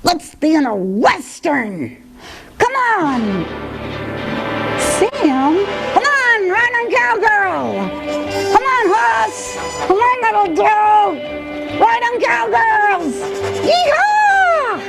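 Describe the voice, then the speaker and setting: A cheeky, upbeat snail puppet, as a woman puts it on, bouncing along in a high, swooping sing-song voice. It teases and coaxes with unhurried, drawn-out phrasing, like a carefree puppet skit. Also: animated, creaky, over loud music, full character voice. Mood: playful.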